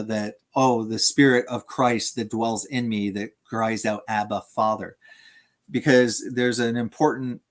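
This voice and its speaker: A man in a conversational debate on theology, speaking haltingly with frequent fillers and restarts. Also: fairly low pitch.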